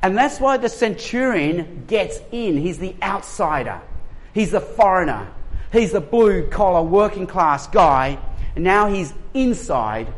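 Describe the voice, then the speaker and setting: An Australian man in his forties preaching a sermon as pastor, lively and humorous, with joking asides and acted-out quotes. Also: high-pitched, a little slow. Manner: animated, humorous storytelling.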